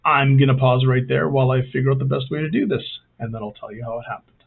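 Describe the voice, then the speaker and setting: Man, gravelly, casual hobby tutorial, rambling self-mocking asides, tinny phone-like audio. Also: mid-range voice, quick pace. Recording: thin phone-like sound.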